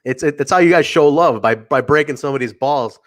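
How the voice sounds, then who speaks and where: A man from the American Midwest hosting a wrestling podcast, joking in sarcastic, animated banter with his co-hosts. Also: medium pitch, fast. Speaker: podcast host. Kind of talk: casual wrestling podcast chat.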